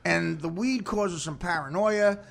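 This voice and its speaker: A man's voice: high-pitched, unhurried, vocal fry, a bit bright. A man hosting a casual podcast chat, teasing his guest with laughs and stumbling restarts. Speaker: host.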